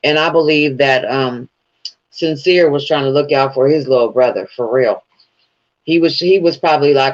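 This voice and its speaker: A man's voice: medium pitch, normal speed. A man talking casually to his viewers, telling rambling, profane stories and laughing along the way. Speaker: vlogger. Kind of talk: casual commentary. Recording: dull lo-fi sound.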